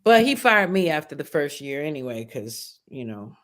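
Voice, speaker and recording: A schoolteacher woman telling stories in casual podcast chat, animated and profane, acting out the people she quotes. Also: low-pitched, moderate pace.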